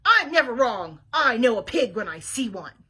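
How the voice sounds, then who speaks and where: A woman voicing a stern, opinionated older sister in a storybook read-aloud, loud and scolding. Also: sits high, wildly swooping pitch, moderate pace, heavily acted.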